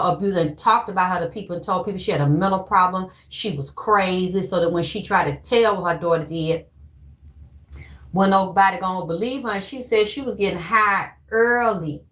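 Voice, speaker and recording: A woman's voice: mid-range voice, fairly bright tone. A woman vlogger talking in a rambling, emphatic, profane casual monologue.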